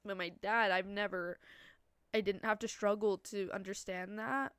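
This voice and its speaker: A woman's voice: medium pitch, steady tone, moderate pace, a bit bright, clean tone, no echo. A nineteen-year-old woman vlogging about her family in a rambling, confessional way, full of "like" and "you know". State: tearful, voice breaking. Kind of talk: personal vlog confession.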